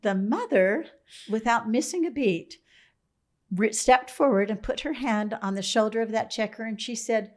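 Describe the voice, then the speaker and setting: A woman guest in a conversation, telling stories in a reflective, musing way, often clearing her throat. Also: on the high side, moderate pace.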